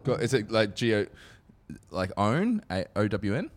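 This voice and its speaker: A man's voice: lowish voice, very animated, measured pace, slight background noise. A man in his thirties co-hosting a podcast, crude and laughing, chatting casually. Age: 30s. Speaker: podcast co-host. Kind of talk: casual chat.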